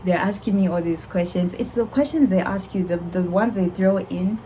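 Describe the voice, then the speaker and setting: A young woman, a doctor, telling a candid, animated story to her vlog viewers with frequent laughter. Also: medium pitch, moderate pace, a little hiss or hum, low-quality recording. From Zambia.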